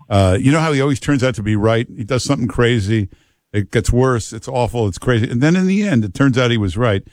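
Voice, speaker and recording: A man's voice: medium pitch, darkish tone, no room sound, clean studio sound. A man hosting a talk radio show, chatting loosely with callers and cracking jokes. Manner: chatty, repetitive, wisecracking. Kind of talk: casual talk radio chat. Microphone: studio mic.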